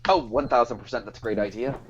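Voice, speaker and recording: A man's voice: medium pitch, fast talker, lo-fi sound, slight background noise. A man playing a tabletop game over a call, playful and enthusiastic, joking along. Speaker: player.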